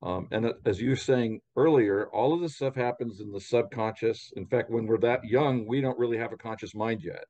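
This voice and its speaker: A man co-hosting a podcast, speaking reflectively with many pauses and fillers as he sets up a question. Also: medium pitch, warm tone, muffled recording. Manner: thoughtful, slow, with frequent fillers. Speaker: podcast co-host. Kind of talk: reflective conversational talk.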